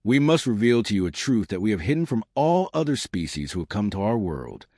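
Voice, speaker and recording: A man voicing a giant, solemn male crystal alien leader who speaks in a slow, grave, formal way. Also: sing-song, dry recording, clean studio sound. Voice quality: deep hushed voice. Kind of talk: audiobook narration.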